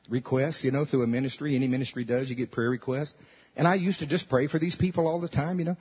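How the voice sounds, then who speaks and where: Male pastor preaching at a church service, very husky voice, dull lo-fi sound. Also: mid-range voice, quick pace. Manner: animated, swinging from loud to soft, with laughs. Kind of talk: sermon. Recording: dull lo-fi recording.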